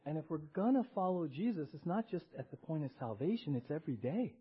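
Slightly high-voiced male pastor, lo-fi. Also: very animated, fast talker, husky. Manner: conversational, tags lines with "right?" and has the congregation respond. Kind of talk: sermon. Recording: dull lo-fi recording.

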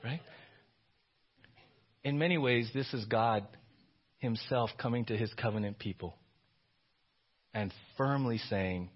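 A man preaching a conversational sermon, animated and often asking his listeners "right?". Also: medium pitch, slow pace, long pauses, breathy edge, muffled recording. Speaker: pastor.

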